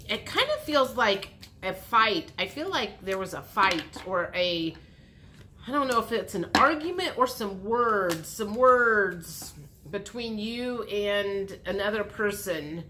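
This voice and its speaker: A woman reading tarot cards for her channel, thinking aloud as she turns each card and acting out imagined dialogue. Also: noisy background. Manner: lively, acts out dialogue with big pitch jumps. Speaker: tarot reader.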